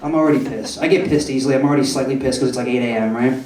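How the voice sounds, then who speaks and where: A man's voice: mid-range voice, rapid-fire, distant mic. A young man doing a stand-up comedy set in a club, brash and profane, often asking the crowd "right?". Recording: roomy club echo, voice off-mic.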